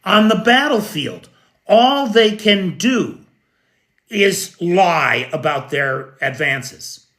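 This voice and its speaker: Slow, emphatic American man commenting. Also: high voice, animated, fairly bright tone. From United States. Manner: emphatic, opinionated, addresses viewers by name. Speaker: news commentator. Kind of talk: live news commentary.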